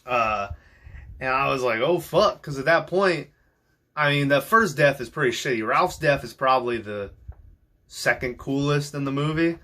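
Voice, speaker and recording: A man's voice: medium pitch, moderate pace, pushed and bright. A man hosting a podcast, recapping a film in a casual, rambling way, swearing freely and filling gaps with ums and likes. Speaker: podcast host.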